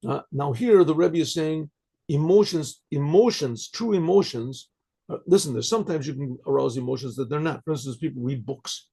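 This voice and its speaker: An older male rabbi teaches Torah in a gravelly, husky voice pitched a little high. He moves between Hebrew phrases and their English meaning, restarts often and keeps checking in with his listeners. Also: normal speed, mellow. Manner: translates Hebrew phrases into English, many restarts and rhetorical "right?". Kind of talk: Torah lecture.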